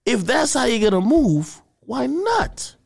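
A man hosting a podcast, asking questions in an incredulous, animated way. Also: extremely high pitch, takes it slowly, creaky, slightly rough. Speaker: podcast host. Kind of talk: podcast interview.

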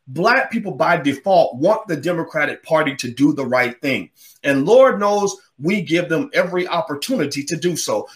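Brief: male podcast host, sarcastic, heated, animated talker, pitched a bit high. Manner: heated, sarcastic, mocks others in put-on voices; animated, swings pitch widely. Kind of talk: opinion monologue.

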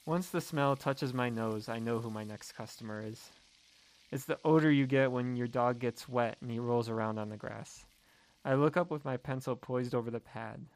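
A man narrating a scripted first-person horror story in a steady, measured way. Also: mid-range voice, dry recording.

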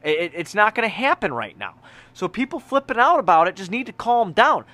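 Sports podcast co-host, male, fairly high voice, swears a lot, animated and repetitive. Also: a little fast. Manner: profane, animated, repeats himself. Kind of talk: casual sports podcast chat.

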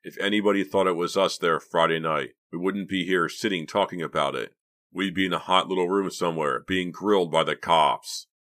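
A man's voice: low voice, fairly even intonation, a little fast, a bit bright, dry recording. Brief: volatile teen boy, read by a man, heated, insistent, dry. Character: hot-tempered defensive teenage boy. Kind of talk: audiobook reading.

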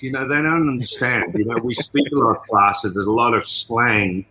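Australian man, bright forceful voice, chatty podcast guest full of asides. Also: medium pitch, normal speed, rough recording. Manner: animated storytelling with many "you know" asides. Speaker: guest, martial arts trainer and fight coordinator. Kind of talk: casual interview talk.

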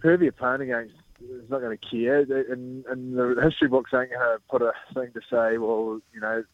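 A middle-aged man calls in to a radio interview. He talks in an easygoing, halting way, full of ums and uhs. His voice comes through a narrow, tinny phone line with no room sound. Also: medium pitch, no echo. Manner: relaxed, hesitant, many fillers. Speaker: former rugby captain guest.

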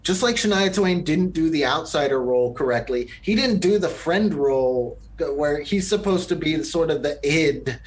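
A man's voice: a little high, lively intonation, moderate pace, hardly any pauses. A man co-hosting a podcast, giving his opinions in a casual film review chat and thinking aloud with frequent ums and restarts. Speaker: podcast co-host.

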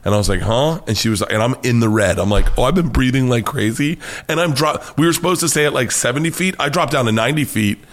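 American male comedian, animated storyteller, swears freely, jumps into high-voiced impressions. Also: fast, few pauses. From United States. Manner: excitable, swears freely, acts out quotes in a high voice. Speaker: guest comedian.

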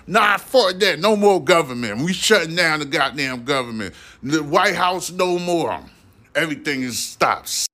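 A man putting on an angry alien creator god in a yelling, profane, commanding voice. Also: a little high, animated, unhurried, pitched above the performer's own voice. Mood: furious commanding.

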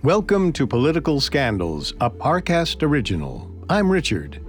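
A man's voice: a little high, huge pitch swings, normal speed, faint music behind. A man co-hosting a podcast, narrating a historical story in a dramatic, scripted way. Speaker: podcast co-host.

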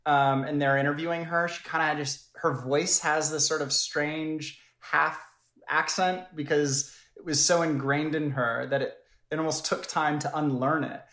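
A man's voice: on the high side, fairly even intonation, moderate pace, fairly bright tone, reverberant. A man, a documentary filmmaker, talking through his work in an interview, thoughtful and full of fillers and restarts. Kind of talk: conversational interview.

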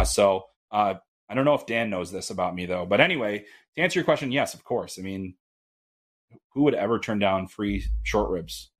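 A man hosting a hockey prospect podcast, talking casually and loosely with frequent fillers and restarts. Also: on the low side. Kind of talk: casual solo podcast talk.

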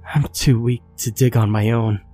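A man's voice: medium pitch, fairly even intonation, normal speed, dark tone, soft background music, close to an everyday voice. A man voicing a tiny, frail female creature from another world, speaking in a shaky, weak voice.

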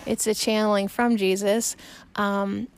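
Gravelly-voiced woman chatting casually. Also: medium pitch, level tone, a little slow. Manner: rambling, laughs often, chatty. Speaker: podcast host. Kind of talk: casual solo chat. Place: outdoors on a porch.

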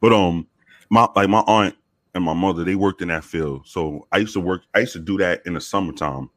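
A man's voice: low voice, brisk, dry recording, clean studio sound. A man, a former police officer, telling a story in a laid-back, casual way, cursing freely and acting out what people said. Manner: laid-back, profane, animated when quoting people.

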